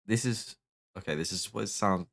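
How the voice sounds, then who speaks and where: A man's voice: fairly low pitch, normal speed, gravelly, fairly bright tone, no room sound, studio quality. A man streaming casually, thinking aloud as he tests a new microphone and explains his settings step by step. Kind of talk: casual mic test chat. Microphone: new microphone, close up.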